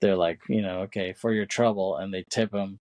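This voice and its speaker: A man's voice: low-pitched, steady tone, a little fast, a little mellow, dry recording. A man co-hosting a podcast, retelling a film's scenes in a rambling casual way, with many fillers and acted-out quotes. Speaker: podcast co-host. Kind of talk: casual film recap chat.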